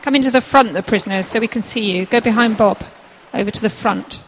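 A woman's voice: medium pitch, fast. A woman narrating a live church play and directing the cast as she goes. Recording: echoey hall with faint noise.

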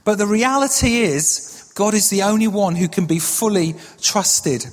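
A man with a notably high speaking voice delivers a sermon as pastor. He talks in an earnest, measured way and repeats key phrases for emphasis. His voice carries a long reverb, as in a church hall. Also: lively intonation. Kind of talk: sermon with prayer.

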